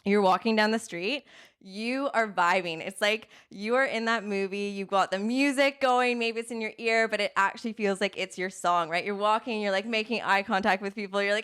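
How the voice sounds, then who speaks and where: A woman in her thirties, speaking as a coaching guest in a relaxed podcast interview. Her voice is smooth and clean, sitting at an ordinary mid pitch. She talks earnestly, keeps checking in with "right?", and slips into little acted snippets of inner voices. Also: moderate pace. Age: 30s. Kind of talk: casual interview talk.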